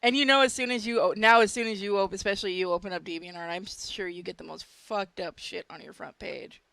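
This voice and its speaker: Woman host, mid pitch, blunt crude banter, dry close recording. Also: steady tone, quick pace, gravelly, fairly bright tone, dry recording. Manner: blunt, crude, laughing asides. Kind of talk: casual podcast chat.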